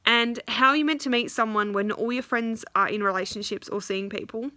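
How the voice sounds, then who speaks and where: A young woman talks straight to her audience in a casual, frustrated rant, swearing often and acting out what others said. Her voice is bright and forward. The recording is dry and close, with no room sound. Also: fairly high pitch, brisk, no room sound. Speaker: vlogger. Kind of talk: casual ranting vlog.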